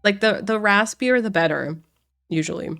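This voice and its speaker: A woman's voice: medium pitch, lively intonation, normal speed, vocal fry, fairly bright tone. Congested, rambling woman streamer. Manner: rambling, with frequent restarts. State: congested, nasal from a cold. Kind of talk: casual livestream chat with viewers. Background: faint background music.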